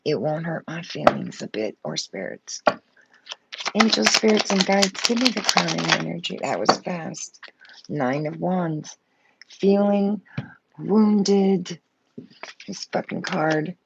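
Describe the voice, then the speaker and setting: Gravelly fired-up woman reading tarot. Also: lowish voice, lively intonation, slow, long pauses, very noisy. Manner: blunt, fired up, swears freely. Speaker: tarot reader.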